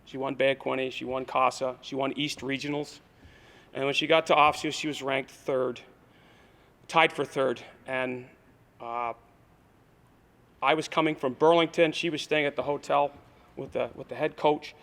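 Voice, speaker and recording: A man's voice: medium pitch, fairly even intonation, moderate pace, pauses often, a bit bright. Rambling man in an echoey hall. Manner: rambling, hesitant, full of fillers. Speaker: coach presenting an award. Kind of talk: speech at a school awards ceremony. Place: school gym or auditorium.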